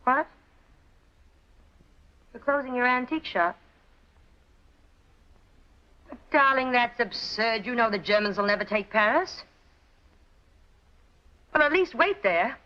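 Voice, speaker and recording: An actress playing a breezy, headstrong society wife in a 1940s film, flippant and unflappable. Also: female voice, on the high side, expressive, a little slow, pauses often, sharp tone. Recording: dull old film soundtrack.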